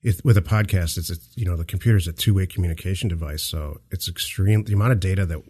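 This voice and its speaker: Deep husky guy rambling on a podcast, jokes around, lots of restarts. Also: fast talker, a little mellow. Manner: rambling, self-interrupting, jokey. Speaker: podcast host. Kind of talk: casual chat. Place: dark office.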